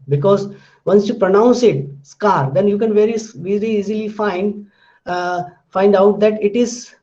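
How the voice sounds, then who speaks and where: Lecturer, male, high and warm-toned, slow repetitive teaching delivery, muffled classroom recording. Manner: slow, repetitive explaining with many restarts. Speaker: linguistics lecturer.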